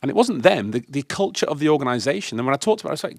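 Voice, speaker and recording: A man from the UK on a discussion panel, telling emphatic, animated stories about leadership. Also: mid-range voice, very fast, creaky, no echo, clean studio sound. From United Kingdom. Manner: emphatic, animated anecdotes with acted quotes. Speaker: guest speaker on leadership.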